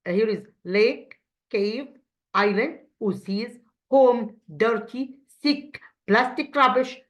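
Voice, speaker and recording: A woman English teacher whose first language is Arabic, speaking with an Egyptian accent. She goes over exercises in a halting way, repeating words and checking with "okay?". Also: on the high side, muffled recording. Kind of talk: revision lesson.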